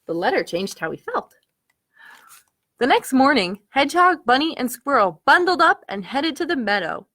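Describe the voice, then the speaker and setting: A woman, a children's librarian, reading picture books aloud to children with an animated, questioning storytime manner. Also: high-pitched, normal speed. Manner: animated, asks listeners questions, gasps at the story.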